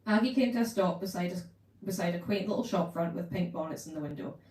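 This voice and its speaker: A woman author, reading her novel aloud at a bookshop event in a measured narrating voice. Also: lowish voice, mellow. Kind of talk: live book reading. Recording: roomy room, distant mic.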